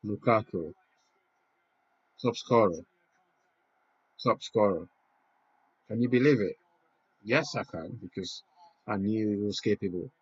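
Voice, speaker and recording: A man hosting a football watch-along, reacting live and excitably, swinging between loud cheers and hushed awe. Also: fairly low pitch, slow pace, long pauses, slight background noise. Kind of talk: emotional live match reaction. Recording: muffled lo-fi home recording.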